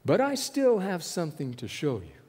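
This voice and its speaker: A man preaching a sermon, voicing a gentle, kindly Jesus in a soft, low-key way. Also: wildly swooping pitch, moderate pace, breathy edge, in a large hall, full character voice.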